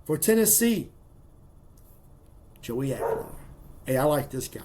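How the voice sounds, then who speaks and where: An excitable man talks through his college football picks in a folksy, emphatic manner. His voice sits a little high for a man, and he leans hard into his predictions. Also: a little slow. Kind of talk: casual sports picks monologue.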